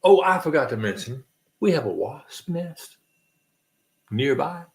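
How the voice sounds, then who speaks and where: A man with a slightly high, gravelly voice chats casually as a livestream host. He spins a rambling, jokey story and acts out clicking noises as he goes. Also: sing-song, a little slow.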